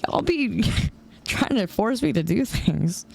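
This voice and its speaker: A woman's voice: on the high side, big pitch swings, slow pace, creaky, darkish tone. A young woman streaming a shooter game, chatting casually with her chat and laughing often. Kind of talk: casual chat while gaming.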